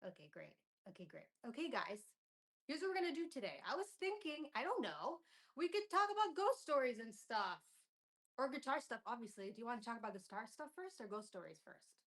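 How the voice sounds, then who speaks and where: A woman's voice: a little high, sing-song, a little fast, a bit bright. Nervous bubbly woman streaming live. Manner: nervous, bubbly, talks to chat and repeats herself. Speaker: streamer hosting a live chat. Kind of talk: casual live stream chat. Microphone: camera or built-in mic, mic not attached. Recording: echoey room sound from a detached mic.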